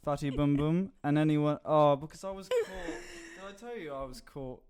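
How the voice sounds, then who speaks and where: A man's voice: a little high, huge pitch swings, normal speed, a little mellow. A young man hosting a casual podcast chat, rambling with frequent ums and bursts of giggling. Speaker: podcast host.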